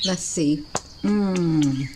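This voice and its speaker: A woman's voice: low-pitched, extremely slow. A woman vlogger chatting casually while she films the sky outdoors, coaxing and calling everyone honey. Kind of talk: casual running commentary while filming. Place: outdoors by her house with birds around. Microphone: camera mic. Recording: loud outdoor noise with birdsong.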